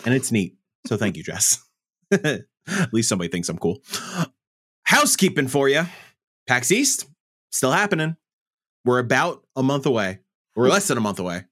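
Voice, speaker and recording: Animated, laughing podcast host. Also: male voice, medium pitch, moderate pace, long pauses, husky. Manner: animated, laughs often, stumbles over reads. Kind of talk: casual podcast intro and chat.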